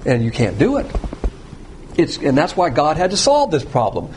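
A man preaching a sermon, blunt and provocative, swinging between loud emphasis and quiet asides. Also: on the high side, huge pitch swings, normal speed, slight background noise.

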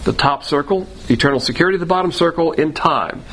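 A man's voice: a little high, fast talker, fairly bright tone, slight background noise, rough recording. A man teaching the Bible verse by verse in a conversational way, repeating phrases and restarting sentences.

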